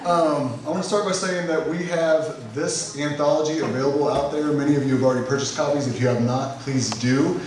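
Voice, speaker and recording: A man hosting a live community poetry reading, welcoming the audience and thanking helpers in a relaxed, chatty way. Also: fairly high pitch, brisk, few pauses. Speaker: event host. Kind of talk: casual welcome and thank-yous at a live event. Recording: echoey hall from far off, noisy.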